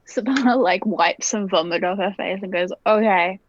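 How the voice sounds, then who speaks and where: A woman's voice: medium pitch, normal speed, breathy edge, dry recording, dull audio. A woman playing a tabletop game, talking through her moves with hesitant fillers. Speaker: player.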